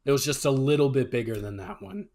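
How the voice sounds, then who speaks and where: A young man co-hosting a podcast, telling stories in an excitable, slangy way. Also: mid-range voice, fast talker. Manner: excitable storyteller, says dude and bro. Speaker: podcast co-host. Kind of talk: casual chat.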